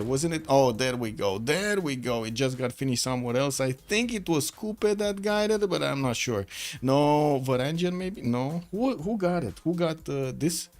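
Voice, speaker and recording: A man casting a strategy game match live, thinking aloud with lots of fillers and self-corrections. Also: medium pitch. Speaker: caster.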